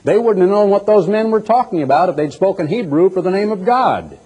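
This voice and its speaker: A man preaching a sermon in an animated, teasing way, acting out mocking voices as he goes. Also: high voice, brisk, slightly rough. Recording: echoey hall with long reverb.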